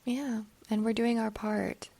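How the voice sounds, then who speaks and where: A woman's voice: a little high, flat delivery, a little slow, creaky, warm tone. A woman hosting a podcast, earnest and affirming, often repeating her phrases. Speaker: podcast host. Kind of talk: encouraging interview talk.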